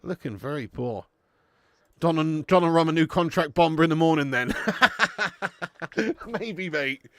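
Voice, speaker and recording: A man's voice: on the high side, animated, unhurried, dry recording, studio quality. A young man hosting a live football watch-along, swearing and bantering with his chat. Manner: sweary banter, bursts into shouting commentary on goals.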